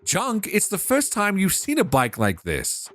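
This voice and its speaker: Dude doing a british young woman, curt and defensive, bouncy pitch. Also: wildly swooping pitch, a little slow, fairly bright tone, full character voice. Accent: put-on British. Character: young woman heroine, guarded and blunt.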